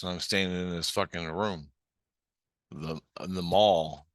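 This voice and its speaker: Speaking at a measured pace in a low-pitched voice with fairly even intonation, this middle-aged male vlogger describes a spiritual experience. His telling is agitated, profane, and rambling, with frequent restarts. The sound is studio quality, without echo.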